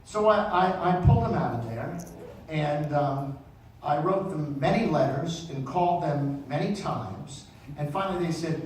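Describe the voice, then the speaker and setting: A middle-aged man telling comic stories on stage in an animated way, acting out the people in them. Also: a little high, measured pace, heavy reverb, distant mic, slight background noise, low-quality recording. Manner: animated, acts out voices in his anecdotes. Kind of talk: stand-up storytelling.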